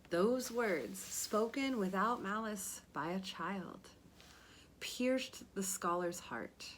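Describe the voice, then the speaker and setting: A woman's voice: on the low side, fairly bright tone, a little hiss or hum. A woman yoga teacher casually retelling a story from a book, chatty and often checking in with her listeners.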